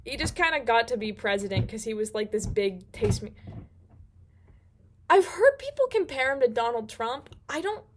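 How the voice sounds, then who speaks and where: A woman hosting a casual book recap, rambling and excitable and swearing freely. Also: on the high side, slight background noise. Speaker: host.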